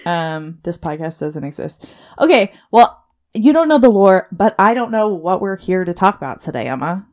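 A woman's voice: on the low side, big pitch swings, normal speed, darkish tone. A young woman from Pennsylvania co-hosting a podcast, chatting casually, laughing, and telling stories with lots of "like". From Pennsylvania, USA. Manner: chatty, laughing, many "like" fillers. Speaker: podcast co-host. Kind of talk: casual chat, storytelling.

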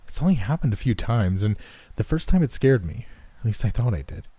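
A man voicing a defiant young woman who shrugs off a haunting, somewhat higher than his own husky voice. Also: lively intonation, fairly quick, dark tone, dry recording. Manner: defiant, dismissive, turning shaky. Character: defensive young woman, stubborn roommate.

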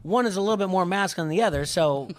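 A podcast co-host chatting casually with a mid-pitched voice. The talk rambles with frequent restarts. Scenes from the show get retold with animation. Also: rapid-fire. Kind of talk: casual chat.

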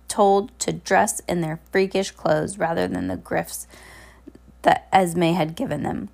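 Gravelly woman reading a novel aloud. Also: lowish voice, a little mellow. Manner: stumbles and self-corrects. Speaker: reader.

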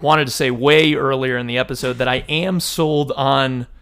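A man's voice: mid-range voice, fairly even intonation, normal speed, a bit bright, smooth. Man, podcast co-host, wry and rambling, casual book talk.

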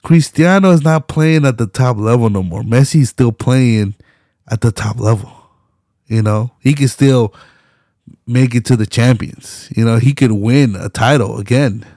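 A man's voice: mid-range voice, moderate pace, mellow, no room sound, clean studio sound. A young man hosting his own podcast, ranting casually with lots of slang, profanity and laughter. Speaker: podcast host. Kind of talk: casual solo podcast rant.

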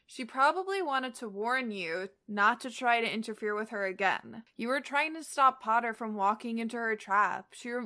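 Woman putting on a gruff deep-voiced cat. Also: bright, forceful tone. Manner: pushes her voice low and slow for the cat. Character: deep-voiced female cat spirit, stern and amused. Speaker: co-reader. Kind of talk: reading a fanfic aloud with friends.

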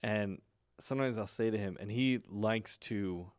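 A man's voice: lowish voice, unhurried, no room sound, clean studio sound. A man co-hosting a casual podcast, telling stories in a chatty way and laughing often. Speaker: podcast co-host. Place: California.

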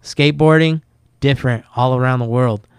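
A man's voice: medium pitch, normal speed, smooth, dry recording, studio quality. A man talking casually on a podcast, laid-back and rambling, swearing a lot as he tells skate stories. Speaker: guest skateboarder.

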